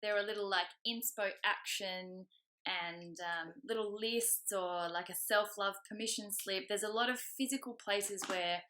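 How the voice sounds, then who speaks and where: A woman's voice: mid-range voice, measured pace, sharp tone, poor audio. A woman hosting a casual interview, asking long, chatty questions. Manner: chatty, rambling questions with fillers. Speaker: interview host.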